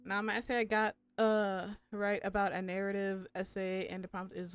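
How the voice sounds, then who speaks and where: A woman's voice: mid-range voice, level tone, moderate pace, few pauses, soft background music. A young adult woman chatting casually on a live stream, rambling and swearing with lots of filler words.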